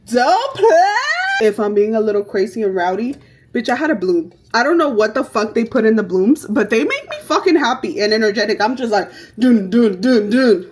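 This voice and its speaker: A young woman vlogger chatting through her makeup routine, telling stories in a brash, profane, animated way. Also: fairly high pitch, quick pace, breathy edge. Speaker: beauty vlogger. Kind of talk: casual get-ready-with-me chat.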